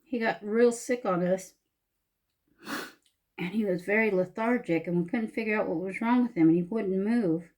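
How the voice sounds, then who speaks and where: A woman's voice: medium pitch, moderate pace. Lady vlogger at home doing her makeup, blunt and laughy, telling a story, does little voices for people. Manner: salty, laughing, animated voices for quotes. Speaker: beauty vlogger.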